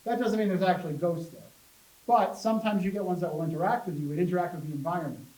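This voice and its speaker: A man giving a casual public talk about ghost hunting as a chatty, animated storyteller who jokes with his audience. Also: sits high, fast. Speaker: paranormal investigator giving a talk. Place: public library meeting room. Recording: echoey room, voice from a distance.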